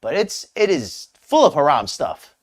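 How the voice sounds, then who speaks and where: A man's voice: on the high side, huge pitch swings, unhurried, husky. A man hosting a live stream, commenting casually on a clip in a rambling, hesitant way with many restarts. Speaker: streamer host reacting to a clip.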